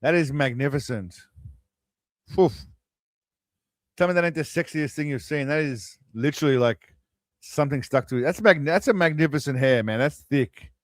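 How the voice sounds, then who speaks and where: A man's voice: fairly high pitch, expressive, moderate pace, pauses often, dry recording. A man hosting a live stream, chatting loosely and rambling to his viewers. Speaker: streamer host. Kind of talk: casual live-stream chat.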